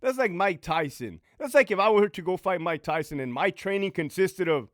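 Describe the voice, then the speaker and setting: A man's voice: sits high, expressive, a little fast, dry recording, clean studio sound. A middle-aged man, a former prison sergeant and military veteran, giving blunt, profane advice in a storytelling monologue. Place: home.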